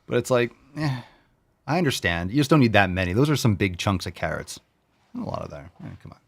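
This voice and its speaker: Loud cussing new york guy hosting a gym show, lowish voice, riffing on fan meals. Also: animated, normal speed. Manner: loud, brash, profane, riffing with sound effects. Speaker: fitness show host. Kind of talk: casual chat reading viewer posts.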